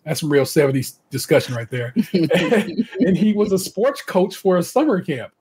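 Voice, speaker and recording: An American man hosting a podcast in casual chat, reading contestant bios aloud with chatty, animated asides and frequent laughter. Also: on the high side, normal speed, a little hiss or hum. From United States. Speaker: podcast host.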